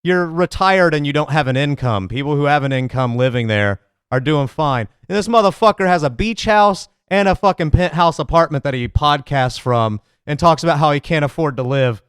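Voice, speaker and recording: A man's voice: fairly high pitch, lively intonation, normal speed, clean tone, no echo, studio quality. A man hosting a comedy podcast, ranting in a loose, profane, fired-up and rambling way. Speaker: podcast host. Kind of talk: casual comedic rant.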